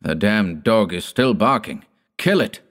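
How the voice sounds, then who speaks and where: A man's voice: sits low, expressive, unhurried. A man voicing a stern, pale old man who speaks curtly in a hollow voice. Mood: menacing. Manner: curt, commanding.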